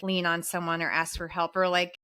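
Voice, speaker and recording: A woman's voice: fairly low pitch, little pitch movement, brisk, bright, forceful tone, clean tone. A woman co-hosting a podcast in casual chat, encouraging and supportive toward her guest. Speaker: podcast co-host.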